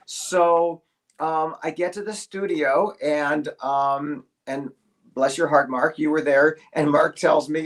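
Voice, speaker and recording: A man, a voice actor, telling a lively anecdote on a video call, with many stammering restarts and acted-out quotes. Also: fairly high pitch, takes it slowly. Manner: animated storyteller, stammering restarts, acts out quotes. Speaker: voice actor guest.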